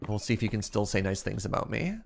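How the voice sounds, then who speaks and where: A man's voice: fairly low pitch, expressive, fast, vocal fry, slight background noise. A Canadian man from the prairies, streaming a game and chatting casually and playfully with his viewers, often joking at his own expense. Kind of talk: casual chat while playing a game.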